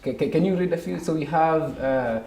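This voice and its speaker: A man's voice: fairly high pitch, normal speed, a little mellow. A man from Kenya hosting a casual livestream chat, chatty, with lots of fillers and frequent laughter. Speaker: host. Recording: echoey room with faint noise.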